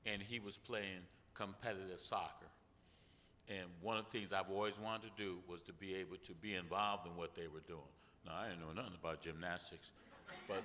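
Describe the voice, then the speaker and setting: A man's voice: sits low, bright, forceful tone. An older man speaking earnestly and steadily at a community summit. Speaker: speaker at event. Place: large event hall. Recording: reverberant hall with faint background noise.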